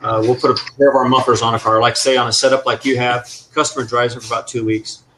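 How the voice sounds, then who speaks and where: A man's voice: medium pitch, level tone, fast talker, pushed and bright, slight background noise, poor audio. A man in his thirties chatting loosely about mufflers and exhaust setups, joking as he goes. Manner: loose, joking, rambling car talk. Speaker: muffler maker guest. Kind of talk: casual live show chat.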